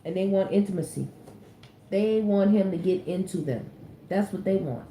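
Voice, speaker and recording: A woman's voice: medium pitch, lively intonation, moderate pace, mellow, a little hiss or hum. A woman reading tarot cards in a casual, chatty way, full of slang and repeated phrases for emphasis. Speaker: tarot reader. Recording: roomy echoey recording.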